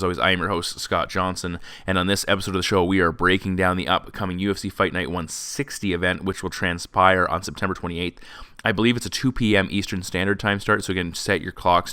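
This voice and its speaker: Fast-talking low-voiced man hosting a show. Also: steady tone, sharp tone, smooth, dry recording, studio quality. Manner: fast, opinionated, sarcastic at times. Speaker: podcast host. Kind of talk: MMA predictions commentary. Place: classroom.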